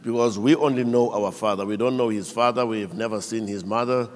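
A man's voice: lowish voice, a little fast. A man with a South African accent, a pastor preaching a sermon and acting out the people in his stories. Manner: animated storytelling preacher, acting out quoted voices. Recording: long reverb of a large church hall.

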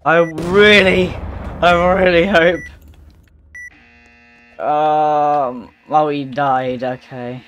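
A male gaming host giving live gameplay commentary, mostly calm remarks broken by sudden excited yelps and exclamations. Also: a little high, very slow, long pauses, slight background noise.

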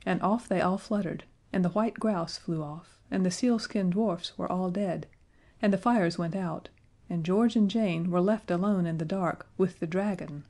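Mellow low-voiced woman narrator. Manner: measured, gently expressive. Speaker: audiobook narrator. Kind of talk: scripted storybook narration.

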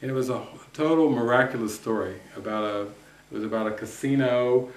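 A male spiritual teacher telling a story to a retreat group, animated and often laughing as he acts out what people said. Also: mid-range voice, fairly quick. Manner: animated anecdote, often laughing and acting out quotes. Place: retreat center room. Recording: echoey room.

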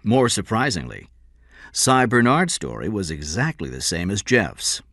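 A man reads a story aloud in a clear, measured style with a bright, lively voice. The recording is dry and close, made on a studio mic. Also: on the low side, no room sound. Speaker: narrator. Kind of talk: scripted audiobook narration.

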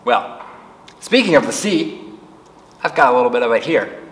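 A man reading a picture book aloud to children at a storytime, chatting with them between pages. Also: mid-range voice. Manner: slow, animated read-aloud voice for children. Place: library room. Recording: echoey room, distant mic.

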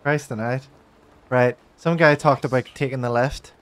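A man's voice: mid-range voice, steady tone, moderate pace, fairly bright tone. A man playing a co-op game with a friend, swearing and laughing often. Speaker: gameplay host. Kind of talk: co-op gaming chat.

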